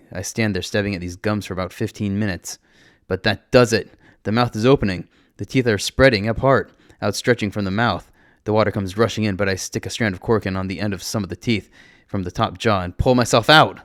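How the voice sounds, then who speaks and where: A man reading a first-person fantasy story aloud in a steady, plain storytelling manner on a close mic. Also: fairly low pitch, no room sound. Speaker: narrator.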